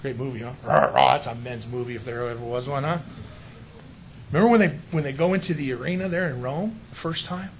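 A man's voice: mid-range voice, fast talker, a little hiss or hum, poor audio. A middle-aged male pastor preaching a sermon in an emphatic, conversational way, often asking the congregation rhetorical questions.

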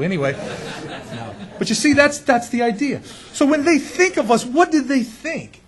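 A man's voice: very high-pitched, very animated, normal speed. A man preaching as a pastor in a conversational sermon, often asking his congregation rhetorical questions and chuckling now and then.

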